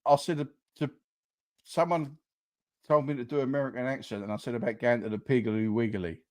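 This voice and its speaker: A man's voice: mid-range voice, steady tone, a little fast, darkish tone, no echo, studio quality. A man, co-hosting a casual podcast, rambling through stories and laughing often. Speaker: podcast co-host. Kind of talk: casual chat.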